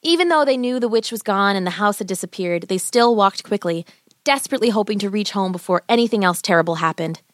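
A woman narrating a fairy tale as a bedtime story, in an expressive, gentle, animated way. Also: mid-range voice, fast talker, no echo, clean studio sound.

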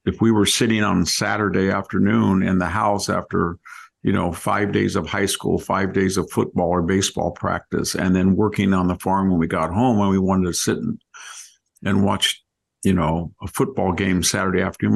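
A man's voice: deep voice, level tone, normal speed, creaky, slightly rough. A man hosting a podcast, telling rambling anecdotes in casual conversation and often breaking off mid-word. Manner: rambling anecdotes, self-interrupting. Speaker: podcast host.

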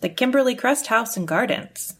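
A woman co-hosting a casual podcast chat, speaking in an animated way and laughing often. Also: fairly high pitch, moderate pace, slightly rough. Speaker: podcast co-host.

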